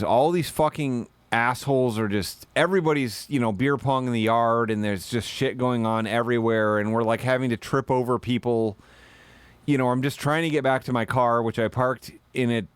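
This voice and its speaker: A male streamer chatting casually into a desk mic, swearing freely and wandering from tangent to tangent. His voice sits at an ordinary middle pitch and sounds dry and close, with no room around it. He breaks into loud put-on voices when he acts out his stories. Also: clean tone, no room sound. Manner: profane, rambling storyteller who puts on shouted voices. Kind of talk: casual livestream chat.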